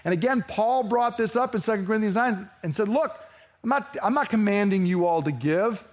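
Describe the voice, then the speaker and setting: High-voiced preacher teaching verse by verse. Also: male voice, animated, fairly quick. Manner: conversational, asks the congregation to fill in words. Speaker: pastor. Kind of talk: expository sermon.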